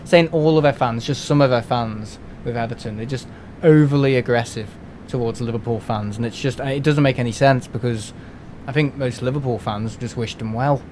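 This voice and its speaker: English guy rambling on his live stream, mid pitch, faint rumble behind. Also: moderate pace, few pauses, darkish tone. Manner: chatty, rambling, many restarts and fillers. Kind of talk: casual live-stream chat.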